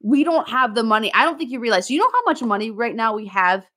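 A woman from Minnesota, a podcast guest in a casual sports chat, ranting with animated exasperation about her team. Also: a little high, fast.

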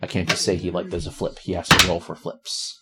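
A man's voice: low-pitched, level tone, fairly quick, very noisy. A man acting as game master, narrating a tabletop game with joking asides.

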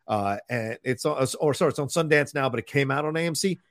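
A man's voice: mid-range voice, quick pace, dry recording, clean studio sound. A man co-hosting a live film podcast, chatting casually in a rambling way and reading viewer comments aloud. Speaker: podcast co-host.

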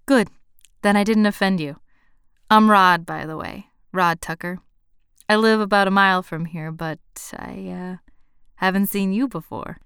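A man's voice: sits high, measured pace, vocal fry, sharp tone, clean tone, no echo, clean studio sound, exaggerated voice. Woman voicing a teasing young Boston man. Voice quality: teasing, playful.

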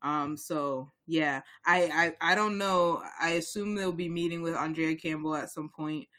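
In a fairly high, pushed, bright voice at a measured pace, a young man co-hosts a laid-back talk show, getting fired up as he rambles and restarts many times.

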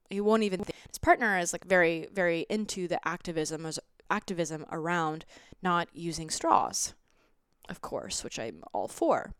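A woman relationship coach giving casual, animated advice, slipping into playful acted voices. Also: lowish voice, clean tone, no room sound, clean studio sound.

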